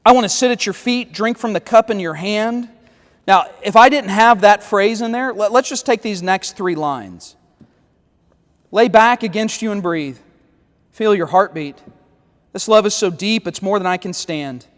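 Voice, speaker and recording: Male pastor with a high voice, dry sarcastic teaching style, church hall reverb. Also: moderate pace. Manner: wry, critical, reads lyrics aloud with sarcastic asides. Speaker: pastor leading Bible study. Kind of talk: Bible study teaching.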